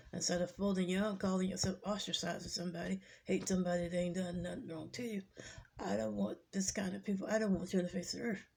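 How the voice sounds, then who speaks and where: A woman's voice: mid-range voice, gravelly, darkish tone, breathy edge. A woman delivering a rambling, agitated, preachy monologue to camera. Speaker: vlogger.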